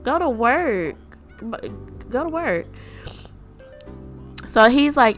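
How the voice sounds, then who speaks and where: A woman hosting a gaming channel, narrating a life-simulation game in casual commentary, chatty and animated and laughing often as she talks to her viewers. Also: on the high side, extremely slow, pauses often, soft background music. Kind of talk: casual let's-play commentary.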